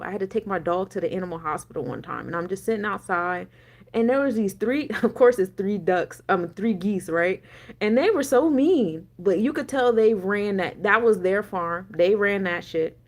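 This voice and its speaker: A woman's voice: medium pitch, a little fast. A woman in her thirties, a spiritual coach, chatting casually on a livestream, rambling through tangents with profanity and laughing asides while answering chat. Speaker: energy coach and spiritual reader.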